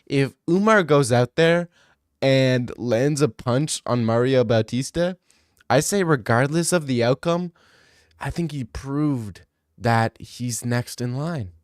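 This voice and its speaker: A man's voice: mid-range voice, slow pace, dry recording, clean studio sound. A young man streaming and reading out viewer messages in casual chat, laid-back and blunt, swearing freely.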